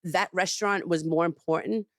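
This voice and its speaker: A woman's voice: on the low side, normal speed, dry recording, studio quality. A woman chef being interviewed, telling her story emphatically with lots of "like" and "you know.". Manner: animated, emphatic retelling with frequent "like". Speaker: chef, podcast guest.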